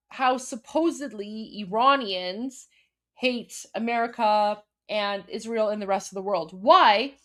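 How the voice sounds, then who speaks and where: A woman from Iran hosting a live commentary stream, talking emphatically with frequent fillers and restarts. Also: a little high. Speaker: host.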